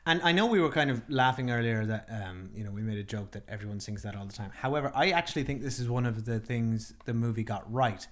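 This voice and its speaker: A man's voice: mid-range voice, fast talker, few pauses. A man co-hosting a podcast, talking casually about a film, stumbling over his words before landing on firm opinions. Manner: hesitant restarts, then firm verdicts. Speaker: podcast co-host. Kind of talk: casual film review chat.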